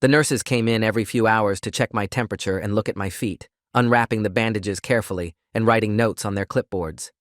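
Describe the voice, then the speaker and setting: Low-voiced man narrating a story. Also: steady tone, a little fast, few pauses, no echo, studio quality. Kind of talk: scripted narration.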